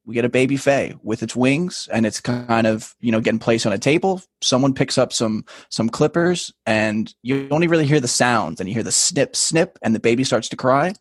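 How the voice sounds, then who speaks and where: Husky man casually recapping a scene. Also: medium pitch, moderate pace, hardly any pauses, no echo. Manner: laid-back plot recapper. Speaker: podcast co-host. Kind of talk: casual chat, recapping a TV episode.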